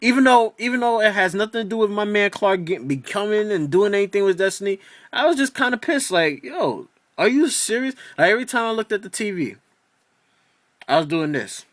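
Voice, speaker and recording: A man reviews a TV episode in an exasperated, profane ramble full of restarts. His voice sits high and leaps around with animated swings. The sound is dry and close. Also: fairly quick, no room sound. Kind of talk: casual video review rant.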